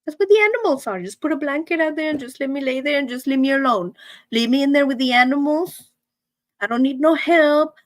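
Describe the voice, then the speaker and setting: A middle-aged woman with a high-pitched voice hosts her weekly live show, chatting casually with viewers at a fairly quick pace. She giggles and laughs between almost every line, and her voice sounds close and dry with no room echo.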